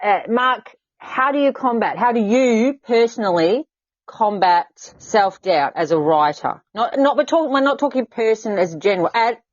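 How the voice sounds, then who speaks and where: A woman with an Australian accent hosting a casual chat, animated and quick to laugh. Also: fairly high pitch, dry recording, dull audio. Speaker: podcast host.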